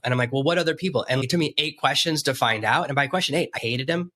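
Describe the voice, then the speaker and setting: This man hosts a podcast interview, spinning stories in a conversational way and performing quoted lines with animation. He speaks briskly at medium pitch, with few pauses.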